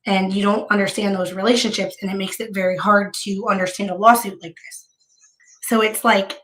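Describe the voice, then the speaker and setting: Hoarse lady streamer, super fry-y voice, rambling casual chat with chat. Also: medium pitch, steady tone, brisk, fairly bright tone. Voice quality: vocal fry. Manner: rambling, many restarts, chatting to viewers. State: hoarse from bronchitis. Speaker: live streamer.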